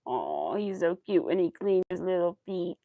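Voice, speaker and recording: A woman's voice: fairly low pitch, wildly swooping pitch, normal speed, no echo, narrow, tinny audio. A woman crochet vlogger chatting casually to her viewers and her dog, cooing baby talk at the pet.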